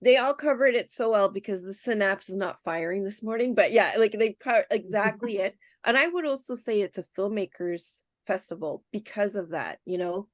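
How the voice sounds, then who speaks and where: A woman tells a story in a relaxed, chatty way, slipping into little voices for the people she quotes. The sound is dry and close with no room around it. She is a guest programmer on an interview show. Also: medium pitch, moderate pace, few pauses, no room sound. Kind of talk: casual storytelling in a podcast interview.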